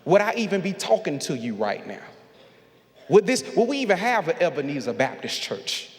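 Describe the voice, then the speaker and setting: Brief: high-voiced male preacher, rhythmic repetition, call-and-response, long church reverb. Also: big pitch swings, normal speed. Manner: rhythmic, repeating lines, calls on the congregation to answer. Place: large church sanctuary with balcony. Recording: long hall reverb from the sanctuary.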